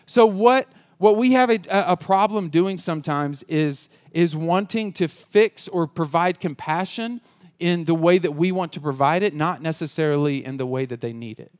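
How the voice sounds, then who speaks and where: A man's voice: a little high, moderate pace, darkish tone. A man preaching a conversational sermon as pastor, earnest and casual, often restarting his sentences.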